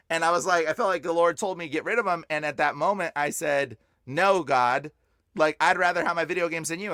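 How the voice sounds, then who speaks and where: A young man on a podcast telling a personal story with lots of excitement, his voice jumping up whenever he quotes himself. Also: fairly high pitch, dry recording, clean studio sound. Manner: excitable, voice jumps up when quoting himself. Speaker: podcast guest.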